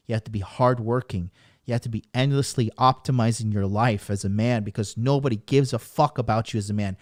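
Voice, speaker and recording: With a mid-range, somewhat dark voice, a male podcast host who works as a dating coach rants profanely and emphatically to motivate listeners, circling back to the same ideas repeatedly. It's a clean studio recording without echo.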